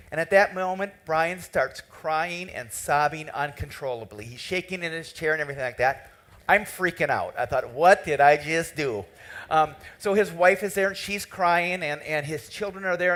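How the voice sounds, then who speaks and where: A man giving a conference keynote in a hall, telling a story with lively quoted dialogue. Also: on the high side. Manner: animated, tells a story and quotes the people in it. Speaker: keynote speaker.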